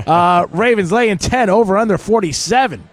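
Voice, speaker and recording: A man's voice: sits high, expressive, normal speed. A middle-aged man hosting sports betting talk radio, chatty and joking as he tells stories. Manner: chatty storytelling with jokes.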